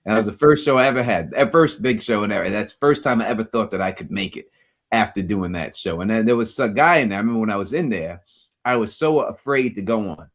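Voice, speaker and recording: A male host with a lowish voice shares stories in a relaxed chat. He tends to repeat words while he builds up to a point. His delivery feels easy and conversational. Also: fast talker. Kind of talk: casual chat.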